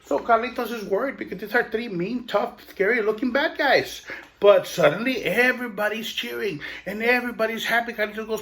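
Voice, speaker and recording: A man telling a children's story aloud in a lively, expressive way, with playful asides. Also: high-pitched, brisk. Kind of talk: oral storytelling.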